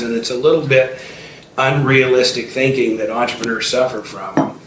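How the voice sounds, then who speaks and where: A fifty-something entrepreneur guest speaks at normal speed in a medium pitch. He spins stories in a relaxed interview, full of false starts and fillers. The sound is roomy and far off, with faint noise.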